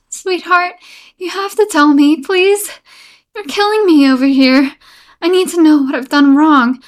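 Woman voicing an obsessive young woman, audio role-play, high voice, unhurried, sugary pleading turning threatening. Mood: desperate pleading. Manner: sweetly pleading, swinging into menacing outbursts and nervous laughs. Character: obsessive, unstable young woman fixated on the listener.

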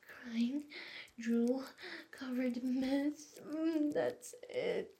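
Young woman for adult audio role-play: slow, mellow, breathy, slipping into whispers. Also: high-pitched, lively intonation.

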